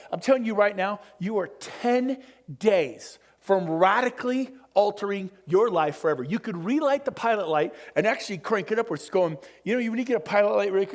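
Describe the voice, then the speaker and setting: A man gives a motivational seminar talk. His voice sits high for a man, and he preaches with big swings between loud bursts and quiet asides. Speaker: motivational speaker. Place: conference room.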